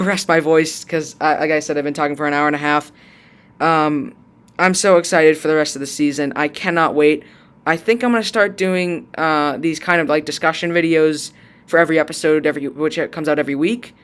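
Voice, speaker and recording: Young male YouTuber, eager and rambling, slightly high, clean smooth voice, a bit worn out. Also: fairly quick. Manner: excitable, rambling, many fillers. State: voice strained after long recording. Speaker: YouTuber discussing a cartoon series. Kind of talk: casual episode recap.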